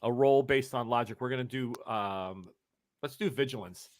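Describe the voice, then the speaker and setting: A man's voice: mid-range voice, moderate pace, no room sound. Chill guy game master, dry close sound, lots of ums. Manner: relaxed, hesitant, with many fillers. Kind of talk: running a tabletop game.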